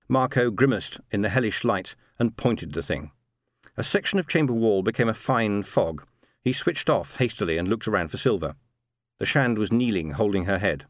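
Expressive male storyteller, dry close sound. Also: fairly low pitch, moderate pace, dry recording. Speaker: narrator. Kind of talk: audiobook narration.

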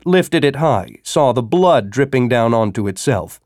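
Male audiobook narrator, lively intonation, dry close recording. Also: mid-range voice, measured pace, few pauses, no echo. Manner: expressive storytelling.

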